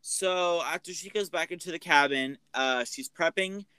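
A man's voice: fairly high pitch, moderate pace, sharp tone, clean tone, dry recording, poor audio. A man casually recapping a film's plot as a podcast co-host, rambling with many fillers. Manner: rambling, filler-heavy storytelling.

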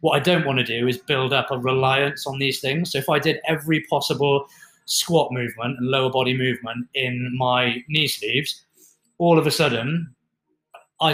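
A man co-hosting a fitness talk, explaining lifting equipment in a relaxed, chatty way with many fillers. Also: medium pitch. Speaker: fitness podcast co-host. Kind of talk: casual explanatory chat. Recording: roomy echo.

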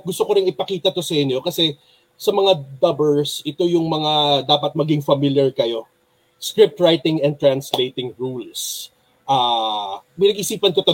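A Filipino man with a somewhat higher voice gives an informal talk on dubbing. He explains things in a chatty, animated way and switches freely between Tagalog and English. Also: poor audio. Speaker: dubbing workshop presenter.

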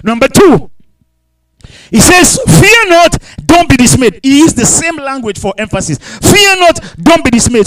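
Brief: male preacher, high lively voice, repeats and shouts for emphasis. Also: rough recording. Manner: emphatic, repetitive preaching with sudden shouts and hushed asides; speaks in tongues between points. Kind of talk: sermon.

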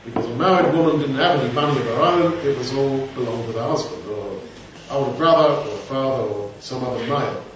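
A man's voice: medium pitch, a little fast, hardly any pauses, slight background noise. A man giving an informal Bible teaching, talking conversationally with rambling asides. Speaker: preacher. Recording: echoey room, distant mic, dull sound.

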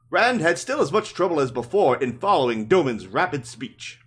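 A man reading a fantasy novel aloud for a podcast, with expressive storytelling. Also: on the high side, normal speed, hardly any pauses, breathy edge. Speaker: podcast reader.

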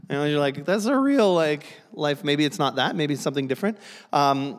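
A guest pastor with a fairly high male voice delivers a humorous sermon in a church sanctuary where the sound reverberates. He jokes at his own expense and restarts his sentences often.

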